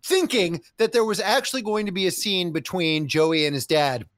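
A man's voice: high-pitched, moderate pace, fairly bright tone, no room sound, clean studio sound. A man co-hosting a casual movie podcast, rambling and swearing freely as he recaps scenes. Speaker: podcast co-host. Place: Los Angeles.

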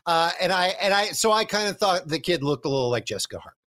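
A man from Connecticut with a standard American accent, chatting casually as a film podcast co-host. He talks in a nasal, droning way, with lively swings in his storytelling. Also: fast. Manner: animated storytelling with sudden pitch swings. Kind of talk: casual chat.

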